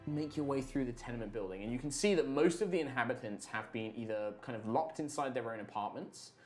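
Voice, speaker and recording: Male game master, mid pitch, rambling filler-laden scene narration, faint music behind. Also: fast talker. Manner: rambling descriptions with many fillers.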